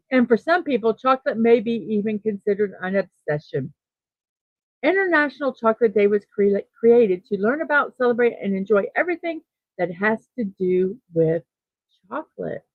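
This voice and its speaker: A middle-aged woman hosting a casual morning livestream, thinking aloud and reading out chat messages with soft laughs. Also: fairly high pitch, expressive, normal speed, no echo, narrow, tinny audio. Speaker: host of a daily morning livestream.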